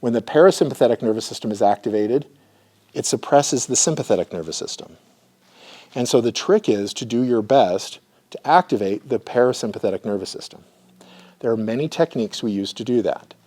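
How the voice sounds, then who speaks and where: Man giving a calm breathing lecture. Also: medium pitch, fairly quick. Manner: explanatory, demonstrates breathing, asks "right?" often. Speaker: therapist teaching a class. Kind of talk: educational lecture.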